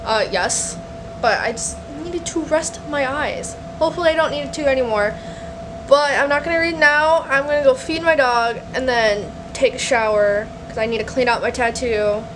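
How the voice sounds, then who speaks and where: A woman's voice: high voice, moderate pace. A young woman chatting casually in a reading vlog at home, candid and exasperated, swearing freely. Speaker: book vlogger. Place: home, indoors. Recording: faint room noise from the air conditioner. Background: faint air conditioner hum.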